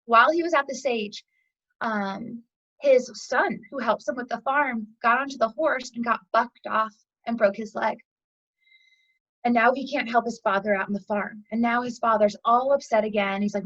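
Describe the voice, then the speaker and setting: A woman guest in an interview, telling a parable in a chatty, animated way with fillers, as a yoga teacher. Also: on the high side, moderate pace, lo-fi sound. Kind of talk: storytelling a parable in conversation.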